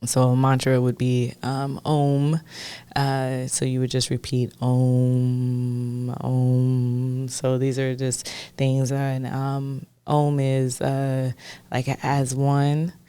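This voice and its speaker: A woman's voice: rumbling low, level tone, slow pace, dark tone, clear, resonant tone, dry recording. A woman co-hosting a podcast in casual chat, loose and playful, laughing often and swearing freely. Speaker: podcast co-host.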